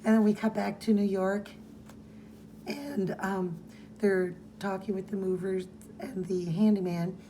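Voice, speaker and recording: Mellow-voiced woman recapping comics. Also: mid-range voice, fairly even intonation, a little slow, slight background noise. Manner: reads comic dialogue aloud in playful voices. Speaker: podcast co-host. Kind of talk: casual chat recapping a comic.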